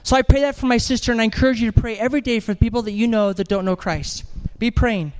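A man preaching an animated sermon in church, telling a story with jokes and acted-out voices. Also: extremely high pitch, fast, clear, resonant tone. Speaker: evangelist preacher.

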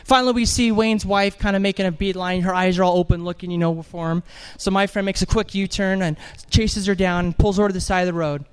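A man preaching an animated sermon in church, telling a story with jokes and acted-out voices. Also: sits high, quick pace, hardly any pauses, smooth. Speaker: evangelist preacher.

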